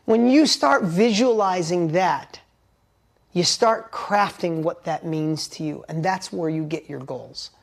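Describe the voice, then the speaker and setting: A man coaching a live online workshop, talking in an energetic, emphatic way and reading viewers' messages aloud. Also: sits high, takes it slowly, vocal fry. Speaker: motivational coach.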